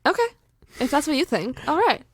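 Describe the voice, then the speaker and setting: A young woman podcast host casually pitching a horror story, chatty and animated with lots of filler words. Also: brisk, no echo, studio quality.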